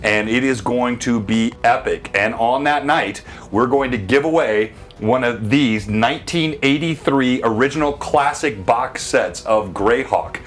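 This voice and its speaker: A man's voice: mid-range voice, a little slow, hardly any pauses. A man hosting a live tabletop game stream as game master, making announcements and narrating scenes dramatically. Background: faint music.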